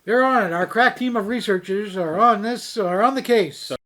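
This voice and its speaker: A Canadian man with a high, slightly bright voice co-hosts a casual beer review show at a moderate pace. Playful and rambling, he steers the chat with little asides and says "anywho" to move things along.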